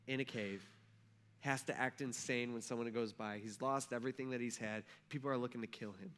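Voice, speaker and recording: A man's voice: mid-range voice, a bit bright. A male pastor giving a conversational sermon in a church, acting out quotes with rising intensity. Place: church sanctuary.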